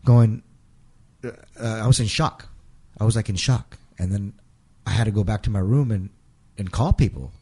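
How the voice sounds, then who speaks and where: Man, low voice, dark mellow tone, halting, repeats himself, acts out quotes, emotional personal story. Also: breathy edge. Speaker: interview guest.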